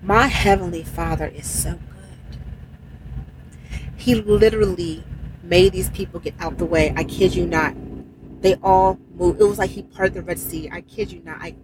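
A woman's voice: fairly low pitch, steady tone, moderate pace, pauses often, background noise. A woman, a truck driver, telling a personal faith story in casual, emphatic speech with exclamations. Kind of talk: casual spoken testimony.

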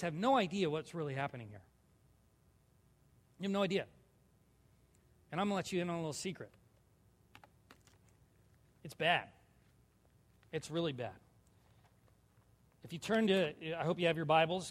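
A man's voice: a little high, lively intonation, moderate pace, long pauses, long reverb tail. A male pastor preaching a sermon, reading scripture aloud with rising intensity and asking his congregation questions. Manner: asks the congregation questions, jokes with them.

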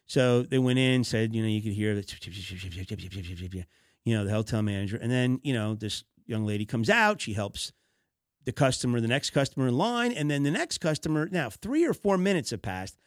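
A man at a middle pitch delivers a business podcast monologue, leaning on fillers and restarts as he tells stories. He sounds fed up with careless service. The recording is dry, with no room sound. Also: animated, moderate pace, dry recording. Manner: conversational, storytelling with frequent fillers and restarts; exasperated complaining about poor service. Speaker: podcast host.

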